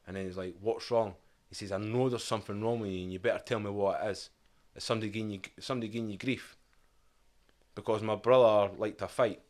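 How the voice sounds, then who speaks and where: This man from Scotland, in his thirties, reflects candidly on his life as a guest in a casual podcast interview, repeating lines from his past self and family. He talks fast in a fairly low, steady, slightly mellow voice.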